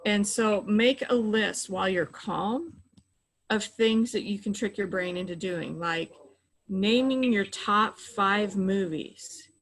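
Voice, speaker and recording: Patient middle-aged woman giving calm advice. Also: medium pitch, slow, poor audio. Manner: patient, explanatory, many "you know" fillers. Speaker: mental health professional. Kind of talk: advice in a conversational interview.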